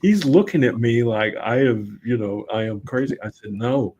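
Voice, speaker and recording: A middle-aged man, a guest on a talk show, telling lively anecdotes in a relaxed conversational way and often quoting himself. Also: medium pitch, normal speed, muffled recording. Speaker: guest, voice-over and public speaking teacher. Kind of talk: casual conversational storytelling.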